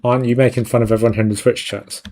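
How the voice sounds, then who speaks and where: A man's voice: medium pitch, little pitch movement, rapid-fire, darkish tone. A man hosting a live stream, chatting casually and jokingly with viewers while he works, laughing often. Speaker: 3D art stream host.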